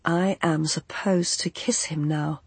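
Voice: mid-range voice, fairly even intonation, slow pace, gravelly, breathy edge, no room sound, heavily acted. Earnest young woman, formal speech, read by the narrator, audiobook character voice. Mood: wondering. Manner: precise, formal, uses no contractions.

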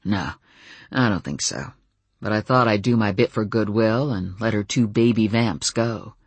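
Brief: woman voicing a low, hushed werewolf man for an audiobook, husky and dry. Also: dry recording, full character voice. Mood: calm. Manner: quiet, measured, low-key. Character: calm male werewolf leader, low and soft.

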